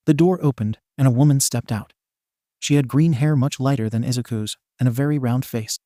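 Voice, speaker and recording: A man reading a fan fiction story aloud as narrator, with a steady, even delivery. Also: mid-range voice, brisk, dry recording, studio quality.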